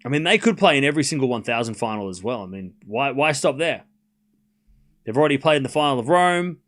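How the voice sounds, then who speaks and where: A man hosting a live tennis watchalong stream, chatting loosely to his viewers and then calling rallies shot by shot, rising in excitement on big points. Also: mid-range voice. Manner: rambling chat to viewers, then rapid shot-by-shot calls that rise when points get tense. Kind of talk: live play-by-play watchalong commentary.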